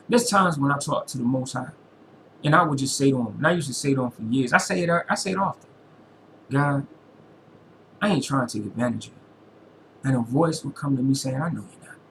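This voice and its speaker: Through a rough recording with a little hiss or hum, a man with a medium-pitched, fairly bright voice preaches to his followers. His religious vlog is an impassioned, slangy monologue in which he quotes scripture and repeats lines for emphasis.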